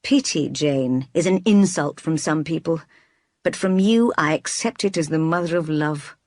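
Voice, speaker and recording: A woman reading the lines of a passionate, brooding gentleman, master of a manor, in an audiobook, with pleading and sometimes forceful delivery. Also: low voice, normal speed, no echo, studio quality, lightly acted. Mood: confessional.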